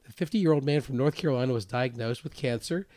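A man in casual podcast chat, speaking haltingly with many fillers. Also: medium pitch, a little mellow, no echo.

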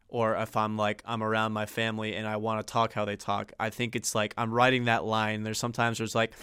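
A man's voice: lowish voice, level tone, a little fast, hardly any pauses, a bit bright, clean tone, no echo, clean studio sound. A man co-hosting a podcast in casual, rambling chat, leaning on filler words. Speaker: podcast co-host.

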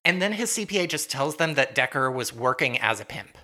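A woman co-hosting a podcast, chatting casually as she recaps a TV episode, giggling and quoting the characters in quick asides. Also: extremely low pitch, lively intonation, bright, forceful tone. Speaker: podcast co-host.

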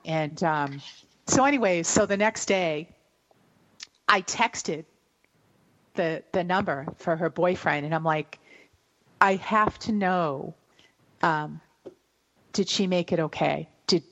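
A woman's voice: fairly low pitch, takes it slowly, long pauses, a bit bright, dull audio. A middle-aged woman telling a long story on a radio show, rambling and emotional, with many fillers and restarts.

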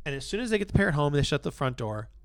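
Gravelly man telling a rambling joke. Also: a little high, racing. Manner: rambling, animated storyteller with restarts. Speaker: podcast host.

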